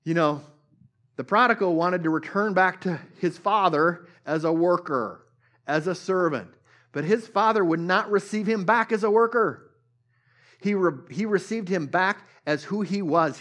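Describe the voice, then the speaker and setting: A pastor with a high voice delivers a sermon at a church service. He repeats phrases for emphasis, and his volume swings between loud and hushed.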